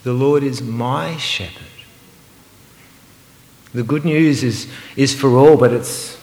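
A man preaching a sermon, earnest and emphatic, sometimes slowing to a hushed, meditative repetition. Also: medium pitch. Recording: roomy hall with long reverb.

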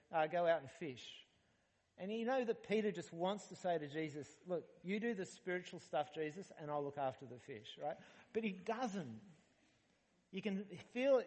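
A man's voice: high-pitched, long reverb tail. A man preaching a sermon in a conversational, humorous way, asking his listeners questions. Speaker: pastor. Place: church hall.

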